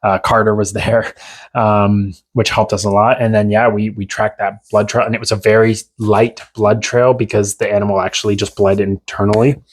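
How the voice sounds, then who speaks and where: Low-voiced man telling a hunting story. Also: moderate pace. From Newfoundland. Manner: animated, rambling retelling with many restarts. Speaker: podcast guest. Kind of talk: casual storytelling.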